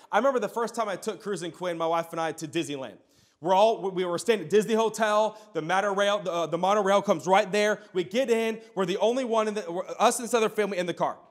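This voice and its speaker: A man's voice: high voice, fairly bright tone. A man in his thirties, a pastor, preaching a sermon in a conversational storytelling way with sudden bursts of emphasis.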